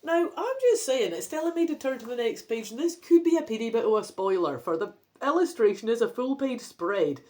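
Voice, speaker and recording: A woman's voice: on the high side, very animated, brisk, hardly any pauses, darkish tone. A woman with a Scottish accent reading a children's adventure book aloud, rambling and chatty with sweary asides. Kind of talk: casual read-aloud with asides.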